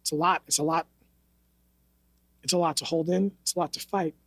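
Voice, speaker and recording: A man's voice: on the high side, steady tone, fairly quick, fairly bright tone, dry recording. A man from New York, a martial arts instructor, telling stories on a podcast in a blunt, profane, streetwise way. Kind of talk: casual interview storytelling. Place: podcast studio.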